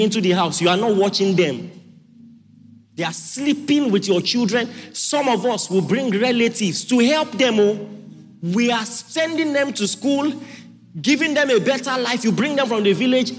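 High-voiced preaching pastor. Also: male voice, expressive, moderate pace. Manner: forceful preaching, repeats lines, asks audience if listening. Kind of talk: sermon. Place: church. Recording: hall reverb with faint music.

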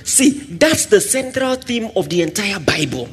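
A man preaching a sermon, swinging between loud exclamations and soft asides and acting out little scenes. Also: sits high, big pitch swings, measured pace, breathy edge, soft background music. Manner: acts out little scenes with quoted voices and laughter.

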